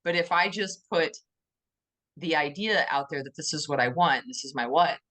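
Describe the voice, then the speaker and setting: A woman co-hosting a podcast in casual conversation, enthusiastic and animated, often acting out little quoted voices. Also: low-pitched, moderate pace. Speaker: podcast co-host.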